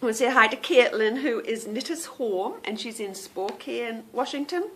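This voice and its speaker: A woman's voice: fairly high pitch, expressive, moderate pace, fairly bright tone. A woman hosting a knitting podcast, chatting casually to viewers, rambling off on tangents and stumbling over unfamiliar names.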